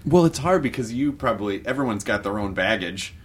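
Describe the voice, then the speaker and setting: A man's voice: on the low side, lively intonation, fairly quick, a bit bright, breathy edge. A man hosting a podcast, asking questions in casual chat with jokey asides. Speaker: podcast host.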